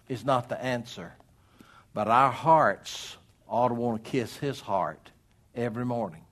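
A middle-aged man preaching a sermon as pastor, swinging between loud emphatic rises and quiet drops. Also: medium pitch, a little slow.

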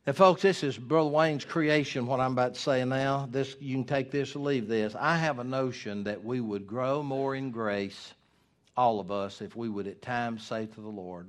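Preacher, loud then hushed. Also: male voice, mid-range voice, moderate pace. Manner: preacherly, shifts from loud emphasis to hushed asides. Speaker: pastor. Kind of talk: sermon.

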